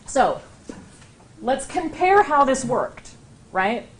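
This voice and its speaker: A woman university lecturer gives a public talk with slides before a live audience in a lecture room, her high voice sing-song and slow. She speaks conversationally, often checking in with "right?" and "okay?". Slight background noise can be heard.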